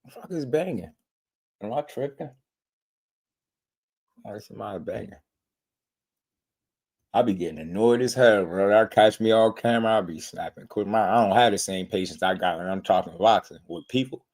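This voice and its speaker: A man's voice: lowish voice, moderate pace, long pauses, a little mellow. A man hosting a boxing channel in casual chat, talking in laid-back slang and laughing often.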